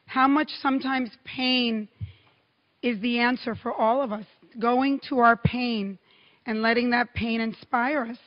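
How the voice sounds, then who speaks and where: A high-voiced middle-aged woman from Cuba delivers a keynote speech, telling stories with lively pacing and emphatic pauses. Her voice rings through a large hall with a long, lingering reverb. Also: dull audio. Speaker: keynote speaker.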